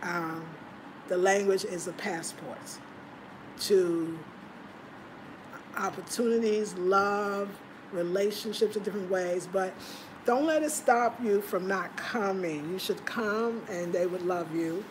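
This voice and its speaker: A woman hosting a casual livestream from home, chatting and reading out viewer comments in an animated, talkative way. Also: medium pitch, slow pace, background noise. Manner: animated, chatty, breaks into laughter. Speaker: livestream host.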